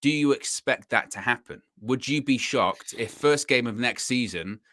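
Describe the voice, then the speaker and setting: Bright-voiced co-host, measured, hedging football talk. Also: male voice, mid-range voice. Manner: thoughtful, hedging, many fillers. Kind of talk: casual football podcast chat.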